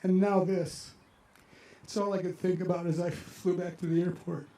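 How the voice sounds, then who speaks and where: A man in his sixties telling a personal story live to an audience at an outdoor amphitheater, animated and emotional as he acts out his own reactions. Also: high voice, moderate pace, roomy sound, noisy background.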